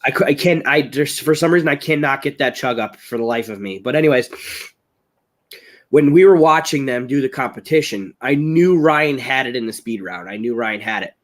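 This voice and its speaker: An American man, a chili-eating champion appearing as a guest, chats briskly on a live webcam stream at an ordinary pitch. He's a little ill, his voice strained, and his long stories ramble excitably, getting loud when things heat up.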